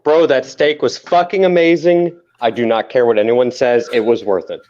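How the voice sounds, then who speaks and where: A man's voice: medium pitch, steady tone, normal speed, a little mellow. A man co-hosting a casual podcast chat, talking emphatically and with plenty of swearing. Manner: profane, emphatic, insistent. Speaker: podcast co-host. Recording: dull lo-fi sound.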